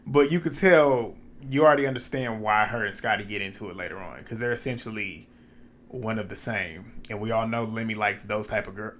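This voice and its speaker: A man's voice: lowish voice, a little fast, fairly bright tone. Man, casual recap host, opinionated, laughs a lot, talks to viewers directly. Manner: chatty, opinionated, laughs often, addresses viewers as y'all.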